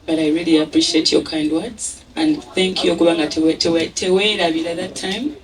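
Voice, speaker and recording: A woman with a Ugandan accent giving an emotional thank-you speech at an event. She laughs often and mixes English with Luganda. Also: sits low. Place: event venue. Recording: distant mic with a crowd behind.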